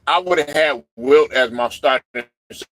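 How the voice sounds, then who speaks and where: A man hosting a casual sports talk stream, rambling loosely with lots of fillers and getting loud when he's riled up. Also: mid-range voice, normal speed. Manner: loose, rambling, lots of fillers and "you know what I'm saying". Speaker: livestream host reading chat.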